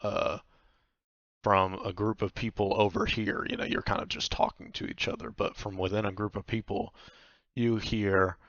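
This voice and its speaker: Gravelly-voiced male game master. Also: fairly low pitch, expressive, normal speed, a bit bright, no room sound, lo-fi sound. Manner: rambling, laughs between lines. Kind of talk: narrating a tabletop game.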